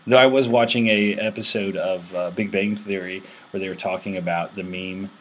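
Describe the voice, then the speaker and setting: Low-voiced man rambling through a tech show. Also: fairly even intonation, moderate pace. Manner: rambling with many fillers and restarts. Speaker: host. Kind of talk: casual screen-recorded tech chat.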